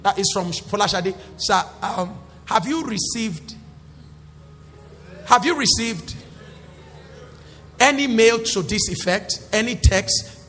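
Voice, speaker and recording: A male pastor preaching a sermon in call-and-response style, rising to shouts. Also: high voice, takes it slowly, pauses often. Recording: echoey hall with faint music.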